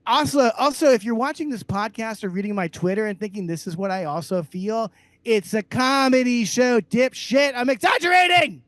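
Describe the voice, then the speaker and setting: A man co-hosting a comedy podcast, ranting loudly and sarcastically with heavy profanity. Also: sits high, sing-song, brisk, hardly any pauses, dry recording. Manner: loud, abrasive, sarcastic. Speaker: podcast co-host.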